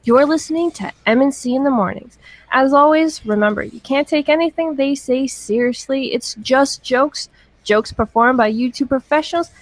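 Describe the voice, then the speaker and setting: A woman reading a scripted show announcement in a smooth announcer delivery. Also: high voice, normal speed, a little hiss or hum.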